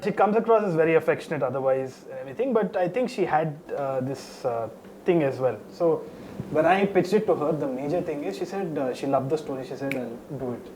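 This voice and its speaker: A film director, a man with an Indian English accent, telling lively stories in an interview, often laughing and quoting people. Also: on the high side, very fast, a little hiss or hum, rough recording. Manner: animated storyteller, laughs often, quotes others. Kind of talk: anecdotal interview answer.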